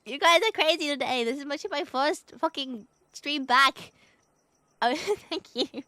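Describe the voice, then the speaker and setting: A bubbly young woman with a slightly high voice, chatting loosely to her viewers on a live stream. She laughs a lot, swears casually and thanks people as they donate. Her voice sounds dry and close, with no room around it. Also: unhurried, pushed and bright, no room sound. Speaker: VTuber streamer.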